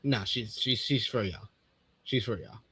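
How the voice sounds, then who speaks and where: A man co-hosting a casual movie review chat, joking in a dry, unhurried way. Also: mid-range voice, bright, forceful tone, husky, no room sound. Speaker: co-host of a movie review show.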